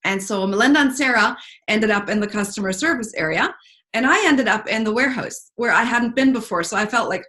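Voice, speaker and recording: A woman's voice: fairly high pitch, fairly quick, bright, forceful tone. A woman telling an emotional story to a group in an earnest, talkative way, with many fillers. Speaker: speaker at a team retreat.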